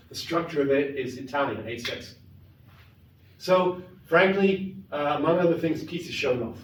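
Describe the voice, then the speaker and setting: A middle-aged man giving a conversational, emphatic classroom lecture on poetry. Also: fairly high pitch. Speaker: literature lecturer. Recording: echoey classroom, mic far off, faint noise.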